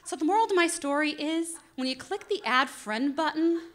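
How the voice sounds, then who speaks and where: A woman in her thirties from the northeastern United States telling a live story on stage, animated and self-mocking, laughing often. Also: high voice, normal speed. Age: 30s. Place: bar venue before an audience.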